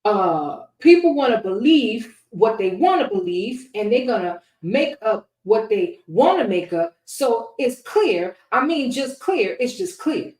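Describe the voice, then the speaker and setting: A woman's voice: fairly high pitch, very animated, unhurried, hardly any pauses, a little mellow. A woman answering interview questions in a casual, preachy and defiant way. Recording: echoey room, far from mic.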